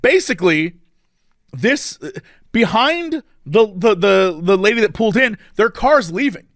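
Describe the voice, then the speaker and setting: High-pitched guy co-hosting a podcast, swoops all over while telling a story, dry close mic. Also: unhurried, dry recording. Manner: animated, acts out other people's lines. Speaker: podcast co-host. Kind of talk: casual storytelling.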